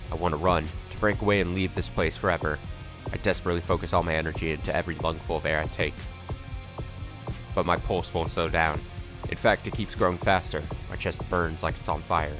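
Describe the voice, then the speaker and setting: A man streaming a video game, reading its story text aloud dramatically and adding wry asides. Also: deep voice.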